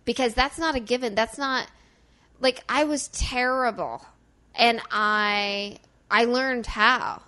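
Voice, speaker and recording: Woman from small-town Illinois, bright, forceful tone, emphatic chatty delivery with a trained, softened regional accent. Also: a little high. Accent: southern Illinois, softened by accent training. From small-town Illinois, US Midwest. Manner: animated, emphatic, rapid run-on talk with many "like"s. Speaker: actor and guest. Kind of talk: casual conversation about acting.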